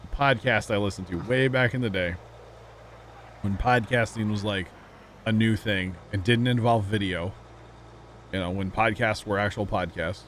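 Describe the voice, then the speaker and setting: Low-voiced rambling male streamer. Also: steady tone, normal speed, fairly bright tone, slight background noise. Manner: rambling, chatty, talks to chat, laughs often. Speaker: livestream host. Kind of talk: casual chat while gaming.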